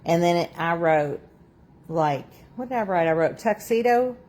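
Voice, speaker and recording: A woman's voice: on the low side, lively intonation, normal speed, a little mellow. A woman hosting a live crafting stream, chatting casually, laughing often and reading out viewer comments. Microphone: phone on a tripod.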